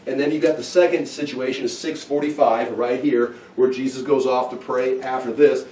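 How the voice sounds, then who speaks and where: A man's voice: mid-range voice, steady tone, moderate pace, darkish tone, slight background noise. A man giving an informal, conversational Bible teaching, walking listeners through the verses. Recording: roomy echo, mic at a distance.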